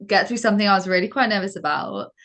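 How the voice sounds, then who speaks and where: A woman's voice: mid-range voice, fast talker, a bit bright. Modest British woman guest. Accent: British English. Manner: modest, self-deprecating, earnest. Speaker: podcast guest. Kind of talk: casual interview chat.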